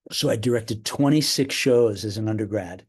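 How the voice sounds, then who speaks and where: An older man speaks in a low register, unhurried and reflective. He restarts his phrases often and carries a slight cough from a tickle in his throat. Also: darkish tone, breathy edge. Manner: reflective, with frequent restarts and fillers. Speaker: theater director, guest. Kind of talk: podcast interview.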